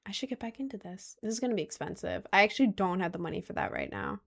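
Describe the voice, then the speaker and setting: Excitable young woman chatting on stream. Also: mid-range voice, fast talker, gravelly. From Maryland, United States. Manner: excitable, gushing, reads chat aloud. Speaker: live streamer. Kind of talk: casual live-stream chat.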